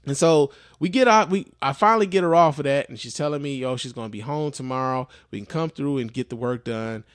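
A man's voice: mid-range voice, a little fast, clear, resonant tone, dry recording, clean studio sound. A man hosting a podcast, telling a story casually with profanity and lots of fillers. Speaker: podcast host.

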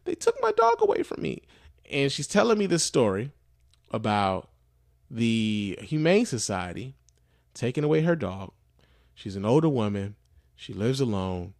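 A man's voice: fairly low pitch, creaky, a little mellow, dry recording, clean studio sound. A man hosting a podcast, telling a story casually with profanity and lots of fillers. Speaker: podcast host.

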